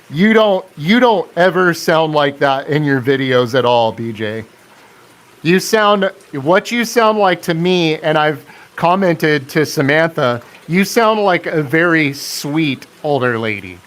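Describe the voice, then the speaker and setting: Male live-stream host, slightly higher voice, unhurried, chatty with viewers. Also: expressive, a bit bright. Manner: chatty, reads and answers viewer comments, laughs often. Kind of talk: casual live stream chat.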